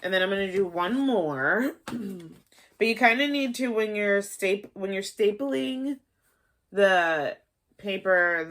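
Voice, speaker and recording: A woman's voice: on the low side, fairly bright tone. Rambling, playful woman from the Midwest. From American Midwest. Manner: rambling and playful, with lots of fillers. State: a little high. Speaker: craft tutorial host. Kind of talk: casual how-to demonstration.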